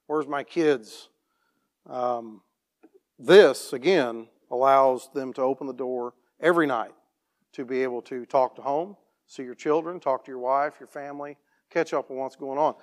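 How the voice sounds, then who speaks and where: A plain-spoken man tells a church testimony story as a farm operator, restarting his sentences and clearing his throat often. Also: medium pitch, normal speed.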